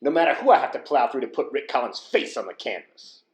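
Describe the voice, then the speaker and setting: A man's voice: mid-range voice, big pitch swings, fast, echoey room, close to an everyday voice. A man voicing a scarred, boastful female wrestler who taunts her rivals in a tabletop game. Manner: cocky, taunting.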